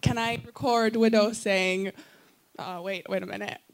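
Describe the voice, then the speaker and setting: A woman in the audience asking a question, nervous and halting, giggling as she speaks. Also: medium pitch, fairly even intonation.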